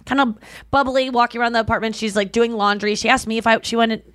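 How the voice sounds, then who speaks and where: A woman's voice: on the high side, fairly even intonation, fast talker, fairly bright tone, no room sound. Chatty young woman, dry close sound. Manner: chatty, gushing storyteller with frequent "like" fillers. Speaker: podcast co-host. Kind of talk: casual podcast chat.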